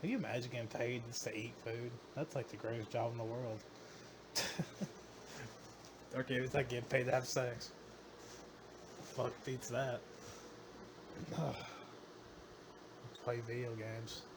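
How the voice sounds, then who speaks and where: A man's voice: medium pitch, steady tone, unhurried, long pauses, noisy background. A man hosting a livestream, rambling crudely and offhand while reacting to clips. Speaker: livestream host. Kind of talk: casual reaction stream chat.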